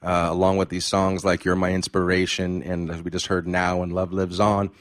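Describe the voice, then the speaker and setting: A man's voice: low-pitched, completely flat delivery, normal speed, dry recording, studio quality. A man in his fifties hosting a radio interview show, effusive and emphatic as he talks with his guest. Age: 50s. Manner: effusive, warm praise and emphatic delivery.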